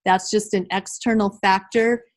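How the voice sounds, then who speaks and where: A woman's voice: medium pitch, fairly even intonation, measured pace, rough recording. Conversational woman leading a workshop. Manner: conversational, addresses the group directly. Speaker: trainer. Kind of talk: live workshop training.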